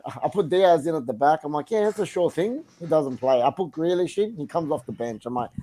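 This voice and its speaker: A man's voice: fairly high pitch, fairly quick, dark tone, slight background noise. A man co-hosting a casual football podcast, easygoing and full of "mate", joking with his mates. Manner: easygoing, laughs, says "mate" a lot.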